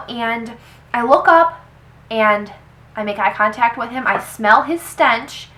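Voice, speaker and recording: A young woman vlogger telling a personal story to the camera. She talks in an animated way and quotes people with "he's like.". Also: a little high, takes it slowly, rough recording. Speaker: beauty vlogger. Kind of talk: storytime vlog.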